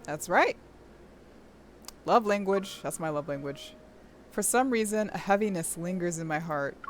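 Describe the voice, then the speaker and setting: Streaming at a normal speed, a young woman with a fairly low voice narrates a game's story, then bursts into excitable, gushing remarks with laughter and squeals. A little hiss or hum sits in the background.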